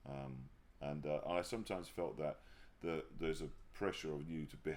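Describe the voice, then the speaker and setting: A man talking candidly as an interview guest, often pausing and restarting his sentences before warming into animated storytelling. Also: a bass voice. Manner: halting, restarts sentences, then grows animated telling anecdotes. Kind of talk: casual reflective conversation. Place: livestream conversation.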